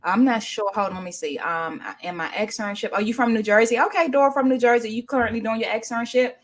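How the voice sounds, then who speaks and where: A woman's voice: on the high side, quick pace. A woman from Washington, D.C. hosts a casual livestream chat. She reads viewer comments aloud and rambles on in an easygoing way over a video call. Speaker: livestream host.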